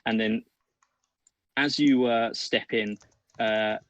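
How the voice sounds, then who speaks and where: A man's voice: mid-range voice, fairly even intonation, slow, no echo, poor audio. A man narrating a tabletop game as game master, casual and full of fillers. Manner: casual, filler-heavy, rambling.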